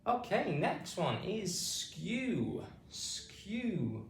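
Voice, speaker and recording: A British man teaching phonics to adult learners, sounding out letters slowly and repeating each word with care. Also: high voice, very animated, gravelly. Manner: slow, deliberate, sounding out letters and repeating words. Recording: roomy, slightly distant mic, faint noise.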